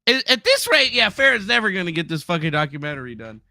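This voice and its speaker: A man hosting a livestream, ranting in a heated, profane way and swinging into shouting. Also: high voice, sing-song, quick pace, no room sound, soft background music. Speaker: livestream host. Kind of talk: angry livestream rant.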